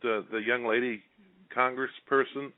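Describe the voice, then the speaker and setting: A man's voice: medium pitch, fairly even intonation, a little slow. A man hosting a casual political talk show, speaking bluntly and rambling with repeated words. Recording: phone-like lo-fi sound.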